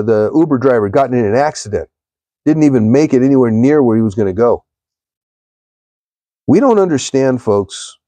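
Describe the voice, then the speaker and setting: Brief: man, devotional live streamer, rambling storyteller, mellow voice, dry close sound. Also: mid-range voice, dry recording. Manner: rambling storytelling, addresses viewers.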